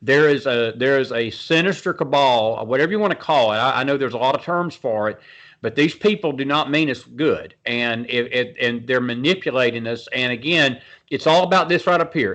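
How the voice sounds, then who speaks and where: A man's voice: medium pitch, a bit bright. A middle-aged man hosting a talk show, speaking in an earnest, folksy, repetitive way. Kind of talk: conversational interview talk.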